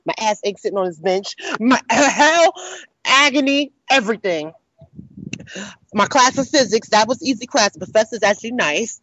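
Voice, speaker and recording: A young woman hosting a podcast, telling a rambling, animated story about her college day and swearing freely. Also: on the high side, moderate pace, no room sound. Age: young adult. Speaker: podcast host. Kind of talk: casual storytelling monologue. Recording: dull lo-fi dry sound.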